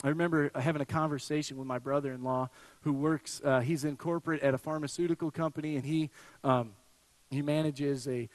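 A pastor with a high voice preaches in a conversational way, telling lively stories and often restarting his sentences. His voice sounds close and dry, and a long hall reverb trails behind it. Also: fairly quick. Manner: conversational, animated storytelling with frequent restarts. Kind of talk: sermon.

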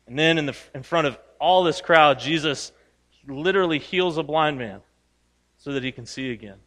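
A man's voice: fairly high pitch, normal speed, a bit bright. A man preaching a sermon in a conversational way, asking the congregation questions and acting out the voices of the people in the story. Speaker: pastor. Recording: reverberant hall.

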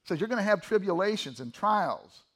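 A middle-aged man preaching a sermon as pastor, moving between loud emphatic stretches and quiet, low asides to the congregation. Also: lively intonation, fairly quick.

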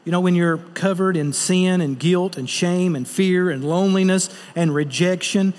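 A man's voice: high voice, normal speed, darkish tone, in a large hall. A man preaching a sermon as pastor, earnest and direct, putting rhetorical questions to the congregation.

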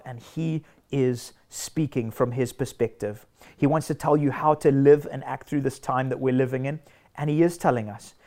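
A man's voice: mid-range voice, a little mellow. A man preaching a sermon in an earnest, emphatic way, stacking short declarations.

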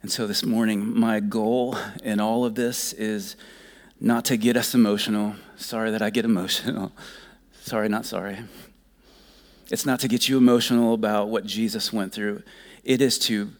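A man preaching from the pulpit with a fairly low voice. He presses hard on some lines and drops almost to a whisper on others. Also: steady tone, normal speed. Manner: impassioned, swings from loud urging to soft near-whispers. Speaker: pastor. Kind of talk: sermon.

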